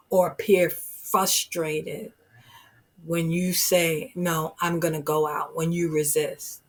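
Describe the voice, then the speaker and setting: A woman's voice: on the low side, darkish tone. A woman giving earnest, emphatic relationship advice straight to her viewers, often saying "you know" and "oh my goodness.". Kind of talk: earnest advice talk to camera.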